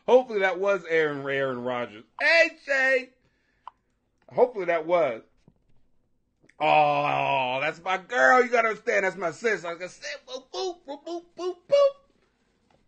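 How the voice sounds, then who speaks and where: A man with a high, bright speaking pitch talks casually to viewers. He is animated and profane, jokes constantly, laughs easily, and tangles himself up on unfamiliar names. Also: a little slow, creaky, long pauses. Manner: animated, joking, profane, laughs often, stumbles over names.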